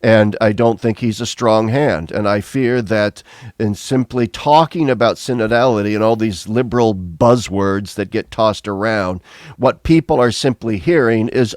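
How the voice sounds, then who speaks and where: A man's voice: fairly low pitch, normal speed, darkish tone, no room sound, clean studio sound. A man, a priest co-hosting a podcast, talking frankly and animatedly in casual chat with many restarts.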